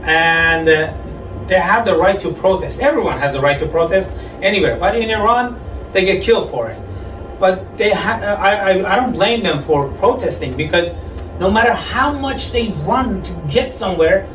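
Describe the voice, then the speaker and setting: A man doing a stand-up comedy set on a club stage, telling jokes in a deadpan way and pitching his voice up when he quotes people. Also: moderate pace, music in the background. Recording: echoey club audio from far off, with crowd. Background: audience laughter and room noise.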